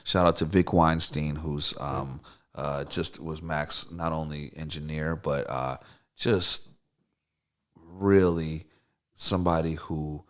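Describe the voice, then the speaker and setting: A man's voice: a bass voice, steady tone, slow. A man who is a songwriter and producer, talking as a guest in a casual interview, rambling with fillers, restarts and swearing. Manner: loose, rambling, profane, many fillers and restarts.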